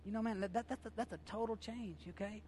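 Man, pastor, sermon, high pitch, impassioned, colloquial, repeats himself. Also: steady tone, fairly quick, a little mellow, a little hiss or hum. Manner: impassioned, conversational preaching with repeated phrases; colloquial, informal grammar.

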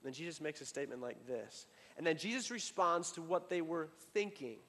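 A man preaching a sermon in a casual, conversational way, full of fillers and restarts, building up and then dropping to a quiet emphasis. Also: a little high, a little fast, big-room sound. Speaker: pastor.

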